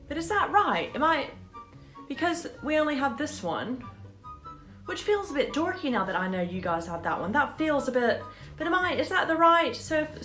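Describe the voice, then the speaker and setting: A woman's voice: mid-range voice, fairly bright tone. A woman from Georgia, chatting casually to camera as a vlogger and asking her viewers playful questions, with the odd curse. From Georgia, USA.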